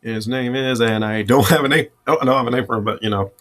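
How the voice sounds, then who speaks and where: A man's voice: mid-range voice, fast talker, a bit bright. Rich: A man runs a tabletop game as its game master. He narrates scenes in a rambling way, often restarting mid-sentence.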